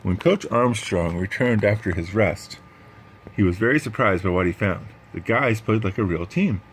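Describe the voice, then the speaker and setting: Low-voiced man reading a picture book aloud. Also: moderate pace, slight background noise. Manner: chatty asides about the pictures. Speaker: read-aloud storyteller.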